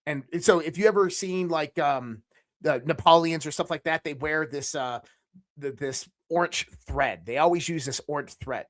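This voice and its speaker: This man's pitch leans high as he shares something from his own life on a podcast, speaking at an ordinary pace. He's animated and relaxed, often backtracking mid-sentence and letting the odd swear word slip.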